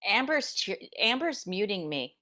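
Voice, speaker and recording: A woman's voice: mid-range voice, very animated, unhurried, bright, forceful tone. A woman hosting a deathcare webinar over a video call, chatty and upbeat. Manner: chatty, upbeat, laughs easily. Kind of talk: casual panel chat on video call.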